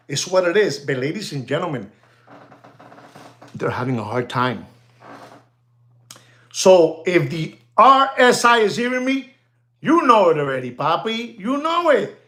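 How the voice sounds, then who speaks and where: Older male watch dealer doing a livestream rant, high-pitched, swooping all over, repeats himself, sprinkles in Spanish slang. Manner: animated, rambling, repeats himself, addresses audience as ladies and gentlemen. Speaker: watch dealer hosting his channel.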